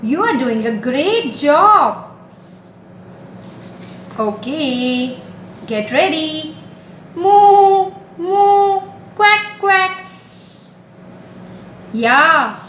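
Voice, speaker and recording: A woman's voice: high voice, lively intonation, drawn-out words, long pauses, sharp tone, slight background noise. A woman teaching a nursery class, talking patiently and coaxingly in a sing-song way to small children. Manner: patient, coaxing, repeats simple instructions. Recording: echoey room.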